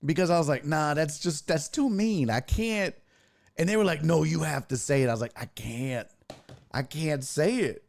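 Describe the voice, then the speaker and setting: A man hosting a podcast, telling a comedic story in a profane, animated way and acting out what he said. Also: a little high, normal speed. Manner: profane, animated, acts out his own quotes. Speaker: podcast host.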